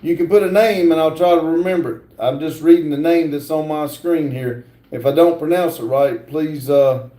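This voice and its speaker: A man hosting a casual livestream, reading viewer comments aloud in a halting drawl from a garage workshop. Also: on the high side, dark tone, echoey room, poor audio. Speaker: livestream host reading chat.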